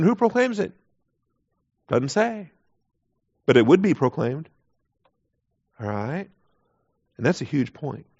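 A man's voice: fairly high pitch, a little mellow. A man teaching a Bible class in an emphatic way, repeating key phrases and putting rhetorical questions to his listeners. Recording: dull lo-fi recording.

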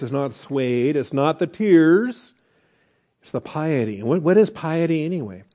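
Middle-aged guy preaching, talky and emphatic, mellow dark tone, lots of rhetorical questions. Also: fairly high pitch. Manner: conversational, rising to emphatic, asks rhetorical questions. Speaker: pastor. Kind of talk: sermon.

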